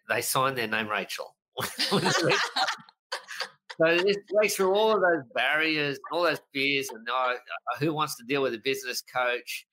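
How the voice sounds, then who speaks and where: A middle-aged business coach in a casual podcast interview, telling stories in an animated way and acting out quotes. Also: male voice, mid-range voice, low-quality recording. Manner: animated storyteller, lively voices for quotes, frequent laughs.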